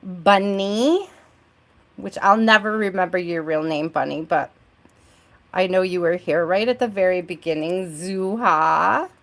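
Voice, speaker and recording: A woman's voice: fairly low pitch, unhurried, fairly bright tone. A woman hosting a live tarot stream who reads out card meanings, then chats loosely, laughs often and greets viewers by name. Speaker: tarot reader.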